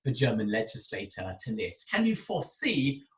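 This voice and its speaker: British man lecturing in a lively voice. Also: mid-range voice, moderate pace, reverberant, poor audio. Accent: English. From Britain. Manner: chatty, asks the students direct questions. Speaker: university lecturer. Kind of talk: recorded lecture to students.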